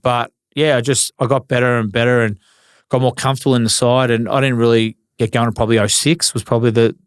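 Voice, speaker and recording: Aussie ex-footballer guest, 40s, casual and crude, smooth resonant tone, dry close mic. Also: male voice, mid-range voice, flat delivery, quick pace, no echo. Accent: Australian. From Australia. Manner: laid-back, swears freely, acts out old arguments. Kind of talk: casual storytelling interview.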